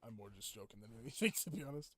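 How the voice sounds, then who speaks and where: A man chatting casually with viewers while playing a game, rambling and breaking into excited outbursts. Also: mid-range voice, rapid-fire, husky. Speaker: game streamer. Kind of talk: casual gameplay chat with viewers.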